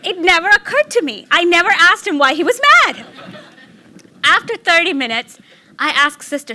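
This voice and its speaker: A middle-aged woman giving a personal storytelling talk, animated and laughing, acting out excited quotes. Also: extremely high pitch, a little slow, pauses often, a little hiss or hum. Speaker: speaker giving a public talk.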